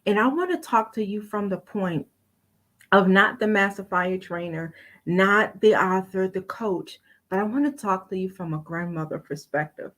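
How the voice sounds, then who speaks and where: A woman's voice: mid-range voice, normal speed, fairly bright tone. An older woman speaking as a guest on a virtual summit, earnest and rhetorical, putting question after question straight to her listeners. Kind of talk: motivational talk.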